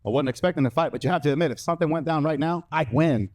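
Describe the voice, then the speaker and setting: A male stand-up comedian tells a long story with brash energy, jumping into other people's voices as he quotes them. His voice sits a little high for a man. The sound is dry and close, from a stage mic. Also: rapid-fire, darkish tone, no echo.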